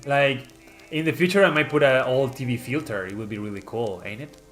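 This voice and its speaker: A man's voice: medium pitch, a little fast, a bit bright, faint music behind. Rambling man chatting on a live stream. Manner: rambling, with frequent fillers and restarts. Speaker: streamer presenting his channel mascot. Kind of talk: casual live-stream chat, reading viewer comments aloud.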